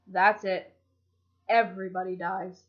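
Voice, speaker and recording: A woman voicing a reckless male heist gunman, loud, teasing and cocky. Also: lowish voice, level tone, measured pace, highs cut off. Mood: menacing.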